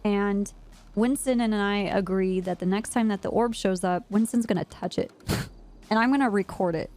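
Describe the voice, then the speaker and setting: A woman streamer chatting in character during a roleplay game. She tells her story in an animated way, with plenty of filler "like"s and casual swearing, at a middle pitch. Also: moderate pace, faint music behind. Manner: animated, lots of "like", frequent swearing.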